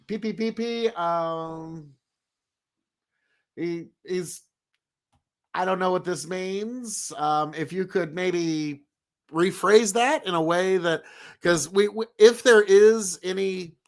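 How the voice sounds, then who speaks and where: A male streamer talks live to his chat in a rambling, emphatic way, circling back and repeating his points for weight. His voice sits a bit higher than most men's.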